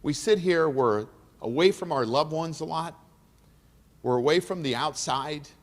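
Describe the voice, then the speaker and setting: A middle-aged man, his voice a little high and his pace measured, delivers an emotional, earnest keynote at an awards dinner, repeating phrases for emphasis. He speaks in a large banquet hall, and the recording carries that room's reverb.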